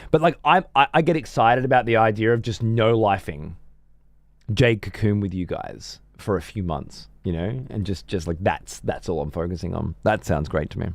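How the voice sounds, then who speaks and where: A man's voice: lowish voice, moderate pace, creaky, no room sound, clean studio sound. A middle-aged man streaming games, chatting casually in a rambling, profane way with many restarts. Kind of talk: casual gaming stream chat.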